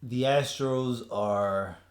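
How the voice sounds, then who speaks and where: Hiccuping podcast co-host in an echoey room. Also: male voice, mid-range voice. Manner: rambling, halting, swears casually. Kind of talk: casual sports chat.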